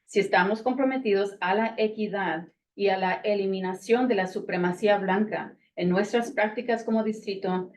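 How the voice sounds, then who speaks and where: A woman giving public comment at a school board meeting, speaking fast and with urgency. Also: mid-range voice, darkish tone, recorded from a distance.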